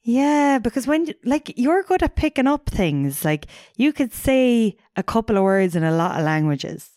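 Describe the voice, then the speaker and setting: A woman's voice: on the high side, sing-song, normal speed, darkish tone, no echo, clean studio sound. A young Irish woman co-hosting a casual chat, talking loosely with lots of fillers and the odd swear. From Ireland. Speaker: podcast co-host.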